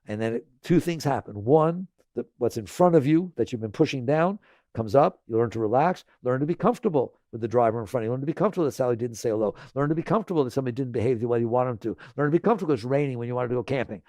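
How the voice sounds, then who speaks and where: A man teaching spirituality in a relaxed, conversational talk. He repeats phrases gently and often checks in with listeners by asking "right?". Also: mid-range voice, racing, dry recording, clean studio sound. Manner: conversational, tags lines with "right?".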